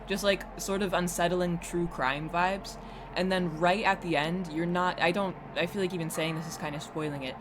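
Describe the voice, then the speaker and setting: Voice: mid-range voice, steady tone, moderate pace, background noise. A streamer chatting casually while playing a game, rambling and self-deprecating, often trailing off and restarting sentences. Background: game music.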